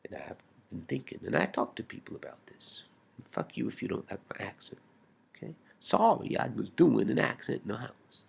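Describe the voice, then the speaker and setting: A man's voice: on the low side, lively intonation, brisk, vocal fry, breathy edge. A man recording a rambling, intense personal video message, swearing and restarting often and often dropping to a whisper.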